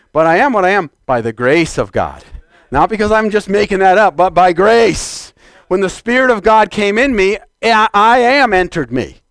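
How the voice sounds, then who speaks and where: A man preaching a fervent sermon in a church, exhorting the congregation and shouting declarations. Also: high-pitched, lively intonation, moderate pace, no room sound, studio quality.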